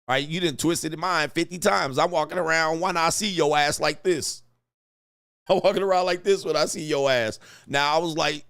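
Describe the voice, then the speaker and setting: A man telling a rambling high school story in casual commentary, swearing, laughing often and acting out what people said. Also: moderate pace, vocal fry, clear, resonant tone, no room sound, studio quality. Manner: animated, profane, laughs often, acts out quotes. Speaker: commentary streamer.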